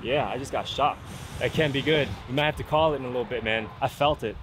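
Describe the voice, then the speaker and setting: A man's voice: medium pitch, fast talker. A man talking casually to viewers from a fishing pier, explaining his gear in an easy-going way and often saying "man". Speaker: fishing vlogger. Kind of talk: casual outdoor fishing vlog. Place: outdoors on a fishing pier in rain and wind. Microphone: camera-mounted mic. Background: wind, rain and outdoor ambience.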